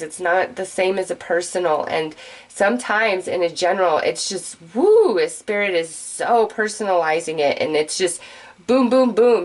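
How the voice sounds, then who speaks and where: A woman giving a general tarot reading straight to her viewers, excitable and gushing, talking in quick bursts. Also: fairly low pitch, poor audio. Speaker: tarot reader.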